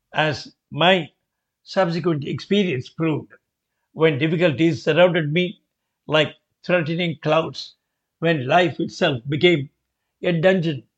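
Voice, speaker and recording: A man reading a devotional memoir aloud in a slow, measured, earnest way. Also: fairly high pitch. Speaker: reader. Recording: dull lo-fi recording.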